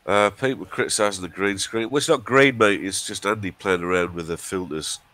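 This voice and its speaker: A man's voice: on the low side, a little fast, sharp tone, no room sound. A man from the of England with a runny nose, chatting casually and teasing his co-host on a game stream. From Hartlepool, England. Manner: dry, teasing banter. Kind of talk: casual chat.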